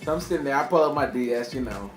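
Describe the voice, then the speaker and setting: A man's voice: mid-range voice, lively intonation, racing. Rambling young man telling a story. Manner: rambling, laughs often, slangy. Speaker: vlogger. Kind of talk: casual storytime. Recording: echoey room with faint music.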